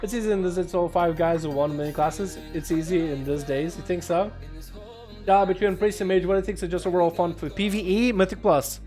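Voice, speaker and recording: Upbeat high-voiced American man streaming. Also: fairly quick, faint music behind. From United States. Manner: energetic, chatty, jokey with viewers. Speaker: streamer and duel host. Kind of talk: live game commentary and chat.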